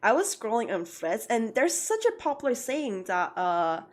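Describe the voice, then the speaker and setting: A woman's voice: a little high, very animated, moderate pace, few pauses. A young woman, chatting casually with viewers on her art livestream and laughing often. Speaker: art streamer.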